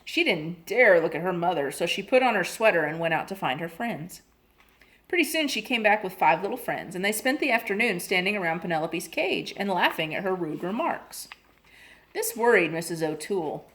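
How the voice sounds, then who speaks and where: A woman's voice: lowish voice, normal speed. A woman expressively reading a children's chapter book aloud. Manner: expressive, lively. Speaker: reader.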